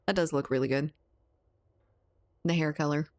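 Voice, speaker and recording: A woman's voice: deep voice, steady tone, moderate pace. A woman from Louisiana streaming, casually chatting with her viewers, laughing often and swearing now and then. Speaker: livestreamer reading chat. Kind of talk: casual chat.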